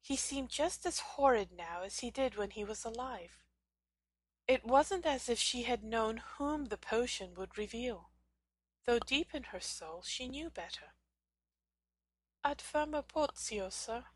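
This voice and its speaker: A woman narrating a fan fiction audiobook in a dramatic, expressive storytelling manner. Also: fairly high pitch, a little slow, husky, no echo.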